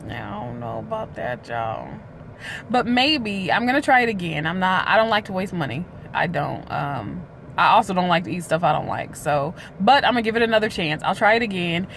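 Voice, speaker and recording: A woman talks straight to her phone camera in a casual, candid vlog, with plenty of drawn-out filler sounds. She sits in a parked car, and faint traffic noise drifts in behind her. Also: fairly low pitch, lively intonation, creaky, a bit bright. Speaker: weight-loss vlogger. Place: parked car outside a hospital.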